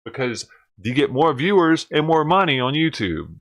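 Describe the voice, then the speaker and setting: A man's voice: a little high, very animated, normal speed, a bit bright, slight background noise. A man doing a sarcastic, profane rant as a livestreamer, mocking and riled up. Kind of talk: ranting livestream commentary.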